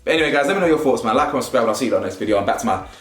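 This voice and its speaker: Animated young man, lively pitch. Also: very fast. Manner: animated, slangy, laughs often. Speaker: reality show reviewer. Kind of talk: casual commentary. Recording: roomy echo, faint music.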